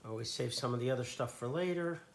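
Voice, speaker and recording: Gravelly man cooking in a jokey Italian accent. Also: mid-range voice, fast talker, slight background noise. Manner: talking to camera while cooking. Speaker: home cook. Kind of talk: casual cooking demo. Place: home kitchen at the stove.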